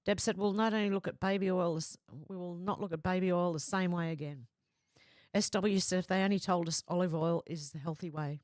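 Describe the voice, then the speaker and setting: A woman's voice: lowish voice, brisk, no room sound, clean studio sound. A woman hosting a live stream, reading viewers' comments aloud and chatting back to them casually. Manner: chatty, reads comments in a flat running voice with asides.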